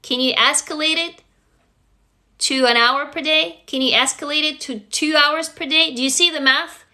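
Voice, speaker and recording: A woman's voice: high voice, fairly even intonation, moderate pace, sharp tone. A woman hosting a motivational livestream, talking bluntly and emphatically to her viewers, swearing freely and urging them to commit. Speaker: livestream host.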